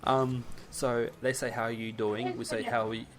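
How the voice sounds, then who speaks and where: A man's voice: medium pitch, flat delivery, normal speed, over a noisy crowd. A man with an Australian accent hosting a casual podcast chat, rambling and playful and laughing often. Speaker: podcast host.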